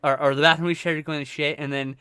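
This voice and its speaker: Bright, clear-voiced man telling a crude story. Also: on the high side, level tone, fast, no room sound. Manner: profane, rambling anecdote with restarts. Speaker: livestream host. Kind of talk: casual storytelling chat.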